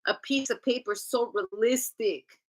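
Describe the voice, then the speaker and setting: A woman's voice: a little high, unhurried, low-quality recording. A woman giving a casual tarot reading in a blunt, chatty, profane way. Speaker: tarot reader.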